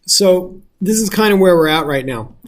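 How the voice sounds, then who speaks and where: A man's voice: high voice, lively intonation, normal speed. Man explaining things in a class. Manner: explanatory, often checking understanding. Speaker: instructor. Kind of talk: casual classroom lecture.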